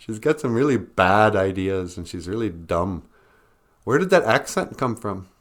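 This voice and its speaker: A male podcast host rambles through a solo monologue, chuckling often and slipping into high, mocking voices when quoting people. He's very animated but slow-paced, pausing often.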